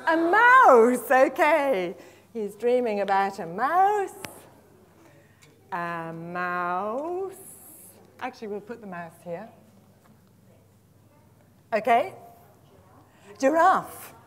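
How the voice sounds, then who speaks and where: Lively woman workshop leader, slow and high. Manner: lively and encouraging, praises often, drills words slowly and repeats them. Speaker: teacher trainer giving a workshop. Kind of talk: live workshop demonstration of storytelling with flashcards. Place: conference room with a live audience.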